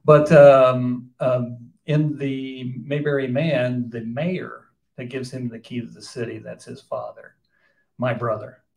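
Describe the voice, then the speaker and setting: A man's voice: medium pitch, flat delivery, slow, gravelly, a little mellow, poor audio. A man from the cast telling amused anecdotes at a live Q&A. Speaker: cast member. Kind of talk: live audience Q&A.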